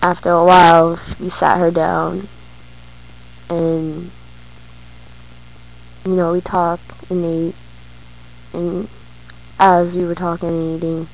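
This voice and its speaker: Woman vlogger telling a personal story, hesitant and halting, lowish voice. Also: monotone, gravelly, a little hiss or hum, rough recording. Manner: slow, hesitant, many fillers and restarts.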